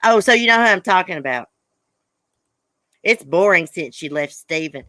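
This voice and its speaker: A woman's voice: lowish voice, animated, moderate pace, bright, forceful tone, no echo. A woman hosting a casual live chat with viewers, blunt and profane. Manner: blunt, angry and profane, then chatty. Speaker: livestream host.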